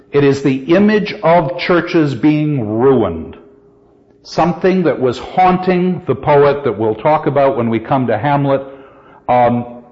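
An older man teaching a poetry class, reading verse aloud with slow, emphatic stress and putting questions to his students. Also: medium pitch, a little mellow. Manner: asks the class questions and answers them. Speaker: literature teacher. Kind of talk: classroom lecture. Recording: dull, lo-fi sound with long hall reverb.

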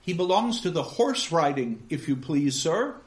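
A man reading aloud as a timid young circus girl, speaking softly and hesitantly. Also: fairly high pitch, sing-song, measured pace, reverberant. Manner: soft, hesitant, deferential.

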